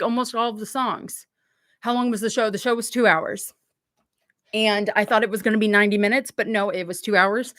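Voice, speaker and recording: A woman's voice: medium pitch, fairly bright tone, no room sound, studio quality. Rambling, chatty woman livestreamer. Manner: rambling, chatty, heavy on "like" fillers; blunt, swears freely. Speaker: livestream host. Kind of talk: casual livestream chat.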